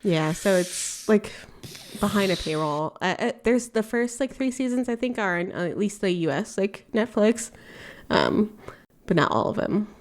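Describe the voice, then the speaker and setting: A woman's voice: medium pitch, expressive, moderate pace. A woman co-hosting a casual podcast chat, giggly and hesitant, with lots of fillers as she talks. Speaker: podcast co-host.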